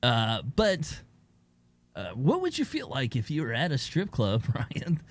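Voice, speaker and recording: Brash podcast guy, reads the news with crude asides, animated, bone-dry studio sound. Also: medium pitch, unhurried, no echo. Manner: reads news stories aloud with joking asides. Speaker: podcast co-host. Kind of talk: crude comedic banter.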